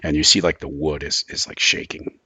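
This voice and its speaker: A man's voice: very deep voice, level tone, fairly quick, pushed and bright, breathy edge, dry recording. A man running a tabletop horror game as game master, describing scenes in a loose, rambling way full of filler words.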